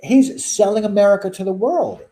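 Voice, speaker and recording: A man with a high, sharp, bright voice talks in a casual chat. He argues his views with emphasis and keeps firing rhetorical questions. He sounds opinionated throughout. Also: moderate pace. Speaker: guest.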